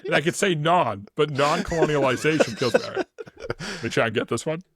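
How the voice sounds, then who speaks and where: A man's voice: a little high, animated, fairly quick, a bit bright, no echo, clean studio sound. A man co-hosting a casual history podcast, rambling through his notes, stumbling over words and laughing often. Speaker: podcast co-host.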